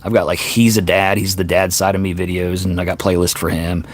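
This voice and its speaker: A man's voice: low voice, little pitch movement, fairly quick. A man in his fifties, a singer-songwriter hosting a livestream, chatting casually and rambling, often correcting himself mid-sentence. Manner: rambling, self-correcting storyteller.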